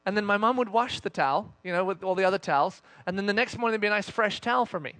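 A man in his thirties giving a conversational sermon as a pastor, an animated storyteller who acts out the voices of his family. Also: sits high, racing, dry recording.

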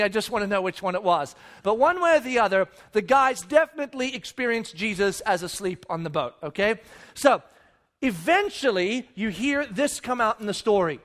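Man, very high voice, pastor preaching; animated storyteller, lots of rhetorical questions, chatty with the congregation. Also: normal speed. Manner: conversational, addresses listeners directly. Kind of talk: sermon.

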